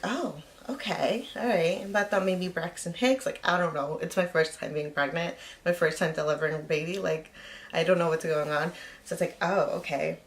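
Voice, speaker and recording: A young woman vlogger telling a personal story in casual, chatty speech, full of filler words. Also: fairly low pitch.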